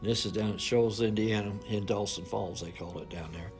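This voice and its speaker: Elderly man, low gravelly voice, folksy rambling storyteller, faint music behind. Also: fairly even intonation, moderate pace, a little mellow. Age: 80s. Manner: folksy, rambling, colloquial grammar. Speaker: minister's son recounting family photos. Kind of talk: informal storytelling.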